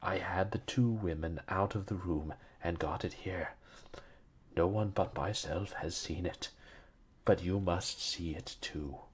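Old doctor, shaken, hushed and halting, husky low tone read by a man.

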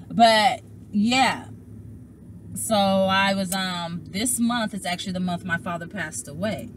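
A young woman, a tarot reader, casually telling viewers a personal story, animated and emotional, and calling them y'all. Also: lowish voice, unhurried, a little hiss or hum.

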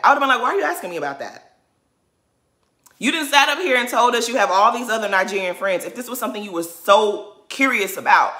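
A woman delivers an indignant reality-show recap. Her voice is bright and forceful, and she hammers her points through repeated rhetorical phrases. The room around her is echoey. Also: medium pitch. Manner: indignant, emphatic, repetitive rhetorical build-ups. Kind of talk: opinionated recap commentary.

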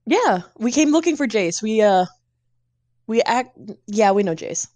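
A woman playing a tabletop role-playing game, answering in character with quick, sassy lines. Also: fairly high pitch, big pitch swings, a little mellow, no echo. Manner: sassy, quick, laughs at own slips. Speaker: player.

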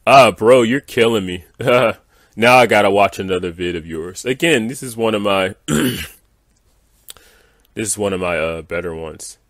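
Deep-voiced, exasperated man ranting. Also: expressive, a little slow, a bit bright, no echo, studio quality. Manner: exasperated, dismissive, lots of fillers. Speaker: gaming video creator. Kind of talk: ranting commentary reading viewer comments.

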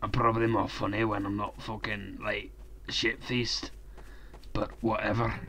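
A young man, tipsy and swearing his way through excitable gameplay commentary. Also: on the low side, measured pace, slight background noise. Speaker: gaming YouTuber.

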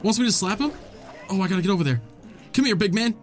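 A man's voice: high voice, animated, fast talker, music in the background. A young man hosting a let's-play, commentating casually and joking back at the game's characters. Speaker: gaming channel host.

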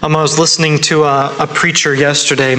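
A man's voice: on the high side, little pitch movement, fairly quick, sharp tone, a little hiss or hum, low-quality recording. A man preaching a sermon in church, earnest and emphatic, repeating his key points. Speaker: pastor. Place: church sanctuary.

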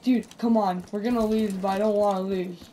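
A woman's voice: medium pitch, normal speed. A woman talking casually while playing an online shooter, rambling, mocking herself and swearing often. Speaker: video game player. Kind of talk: casual gameplay commentary. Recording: distant mic with steady background noise.

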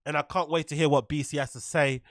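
A man comments on clips during his stream, sarcastic and full of swearing. His voice sits high for a man. The recording is dry and close, with no room echo. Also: fairly even intonation, fast. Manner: sarcastic, swearing, laughing often.

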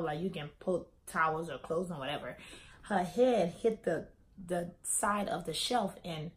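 Animated woman telling a storytime tale. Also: lowish voice. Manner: animated, acts out quoted dialogue. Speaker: vlogger. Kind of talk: casual storytime.

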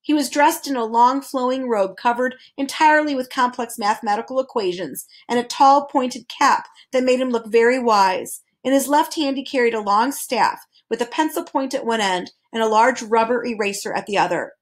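A woman reads a children's novel aloud, her voice a little higher than most. She tells the story calmly and expressively. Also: moderate pace, few pauses. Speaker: reader.

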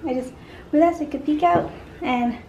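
Young woman vlogger, high bright voice, chatty, noisy background. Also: brisk, dull audio. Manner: chatty, upbeat, filler-heavy. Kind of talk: casual vlog chat.

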